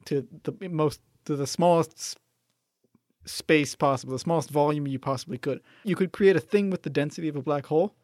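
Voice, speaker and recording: Male co-host, analytical nitpicker, slightly high voice, dry booth sound. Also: darkish tone, no echo. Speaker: podcast co-host. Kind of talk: casual chat.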